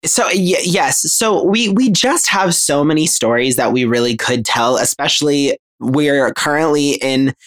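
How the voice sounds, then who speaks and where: A woman with a notably low voice co-hosts a podcast. She starts a shared story, nervous and quick to giggle, in relaxed conversational talk. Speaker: podcast co-host. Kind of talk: casual chat.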